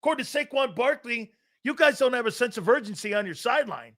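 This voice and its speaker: A man's voice: very high-pitched, lively intonation, fast talker, a bit bright. A man hosting a live sports talk show, delivering blunt, profane, mocking opinions and predictions.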